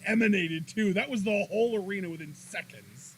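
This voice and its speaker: A man co-hosting a casual wrestling review podcast, excitable, laughing and swearing as he talks. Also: high-pitched, fairly quick, a little hiss or hum. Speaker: podcast co-host.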